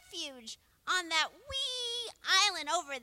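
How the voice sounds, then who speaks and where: A woman voicing a shrill, fretful talking parrot. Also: sing-song, unhurried, heavy background noise, exaggerated voice. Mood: worried. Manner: fretful, pleading warnings. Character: anxious talking parrot, ship's lookout. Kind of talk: live stage show role-play.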